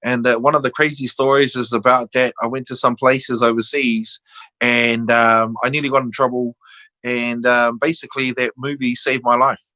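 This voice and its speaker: An older man with a New Zealand accent, a guest on a podcast, tells stories in casual conversation and acts out the voices of the people in them. His voice is medium-pitched and moderately paced, on a low-quality recording with no room sound.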